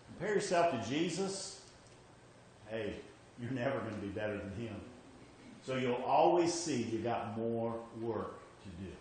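A man's voice: medium pitch, lively intonation, measured pace, a little mellow, a little hiss or hum. A man preaching a sermon, emphatic, repeating his points and often checking in with "okay?". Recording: very echoey hall with faint ambience.

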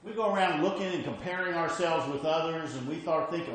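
Emphatic preacher in a very echoey hall. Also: male voice, on the high side, fairly quick, fairly bright tone, slight background noise. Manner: emphatic, repeats questions and frequent "okay?" checks. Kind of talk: sermon. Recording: very echoey hall with faint ambience.

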